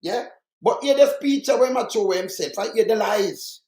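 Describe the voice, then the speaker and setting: A man's voice: sits high, normal speed, darkish tone. Fiery Jamaican man, echoey room. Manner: fiery, mocking, repetitive. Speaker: political commentator. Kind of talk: heated political commentary.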